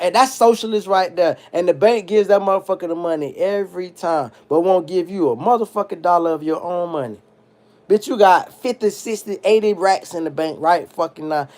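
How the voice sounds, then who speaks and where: A man's voice: sits high, moderate pace. A drunk American man ranting on a livestream, heated and swearing a lot. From United States. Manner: loud, heated, swearing, animated. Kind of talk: profane livestream rant.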